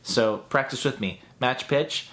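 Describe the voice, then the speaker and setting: A man's voice: medium pitch, a little slow, a bit bright. A man teaching a voice acting tutorial in an upbeat, chatty way that breaks into laughs at his own asides.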